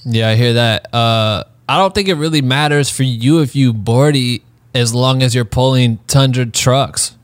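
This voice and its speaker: A man's voice: mid-range voice, moderate pace, no echo. A man hosting a casual interview show, talking in a laid-back, slangy way and hyping up his guests. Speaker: podcast host.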